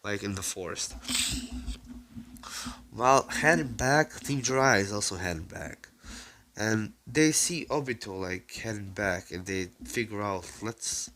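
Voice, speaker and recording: A man's voice: lowish voice, expressive, measured pace, fairly bright tone. A man casually telling a fan-made story, rambling and profane. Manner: rambling, profane, full of fillers.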